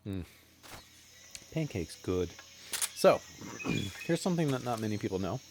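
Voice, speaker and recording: A man's voice: on the low side, expressive, a little fast, creaky, background noise. A man casually commenting over his own video game playthrough, chatty and self-deprecating. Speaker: gaming streamer. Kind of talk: casual let's-play commentary.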